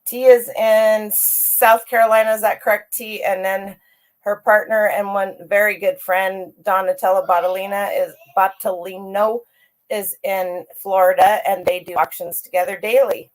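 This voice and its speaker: A woman's voice: medium pitch, flat delivery, normal speed. A middle-aged woman hosting a casual livestream, chatty and upbeat as she greets viewers by name. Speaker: livestream host greeting chat.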